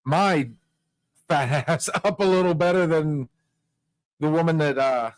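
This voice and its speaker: A man's voice: a little high, a little slow, no room sound. A man co-hosting a casual bar-show chat, answering with jokes at his own expense. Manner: joking, self-deprecating, laughs often.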